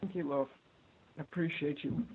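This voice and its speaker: A woman's voice: low-pitched, moderate pace, breathy edge. Earnest woman on a tinny phone line. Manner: earnest, affirming, repeats herself. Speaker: guest, psychic medium and coach. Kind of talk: enthusiastic interview talk.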